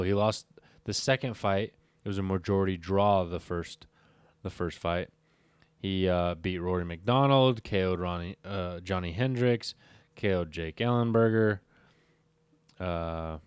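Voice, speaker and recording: A man's voice: low voice, clear, resonant tone, dry recording. A tired man casually recapping fight records on his own, rambling and correcting himself as he goes. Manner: rambling, self-correcting, often stops to recheck fight records. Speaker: MMA fight recap host. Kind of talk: casual solo commentary.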